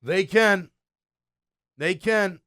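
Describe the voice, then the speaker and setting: A fairly high-voiced, middle-aged man draws out his words while breaking down game film in a loose play-by-play. He's excitable and frank, loudly praising some moments and quietly muttering about others, in the manner of a chatting sports show host.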